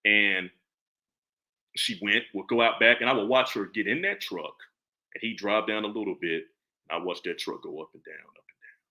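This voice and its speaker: A man in his forties giving a casual, preachy opinion monologue, animated and repetitive. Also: fairly low pitch, moderate pace, long pauses. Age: 40s. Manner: animated, preachy, repeats himself. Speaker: commentary vlogger.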